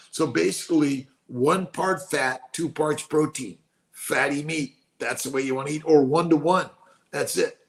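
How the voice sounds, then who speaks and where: A man's voice: mid-range voice, vocal fry. A man in his late sixties hosting a casual live stream, talking with enthusiasm, repeating himself, and slipping into preaching. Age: 60s. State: speaking quietly while someone sleeps. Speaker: host.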